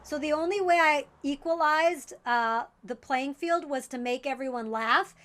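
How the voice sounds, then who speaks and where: A woman comedian on a talk show panel, telling stories about herself in a quick, self-mocking way. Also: high-pitched, fairly bright tone. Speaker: comedian co-host. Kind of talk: casual panel chat.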